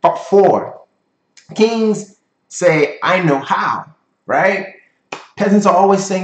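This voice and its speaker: Man, motivational coach, emphatic, repetitive tag questions, slightly high voice, roomy echo. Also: expressive, slow pace, long pauses. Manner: emphatic, repeats points, frequent "right?" tag questions. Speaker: business coach. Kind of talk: motivational lecture. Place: room with a whiteboard. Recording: echoey room.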